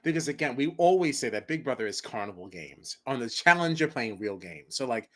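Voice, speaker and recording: A man's voice: medium pitch, big pitch swings, a little fast. A man co-hosting a reality TV podcast in casual chat. He rambles through lots of fillers and likes to tease his co-hosts. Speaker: podcast co-host.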